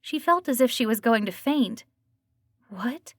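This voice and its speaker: A woman's voice: on the high side, moderate pace, dry recording. Woman narrating a cozy mystery, dry close sound. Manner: even, storytelling. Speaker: audiobook narrator. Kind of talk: scripted narration.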